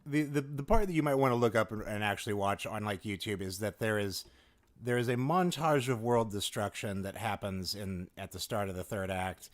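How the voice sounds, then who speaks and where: A man's voice: fairly low pitch, moderate pace. A man on a casual comedy podcast, rambling with lots of fillers and the odd curse word. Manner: rambling, full of fillers and profanity.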